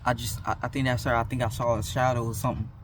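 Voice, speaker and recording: A man voicing a nervous teenage boy in hiding, who speaks in a hushed, stammering way. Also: medium pitch, flat delivery, very fast, slight background noise, pitched below the performer's own voice, close to an everyday voice. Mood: panicky.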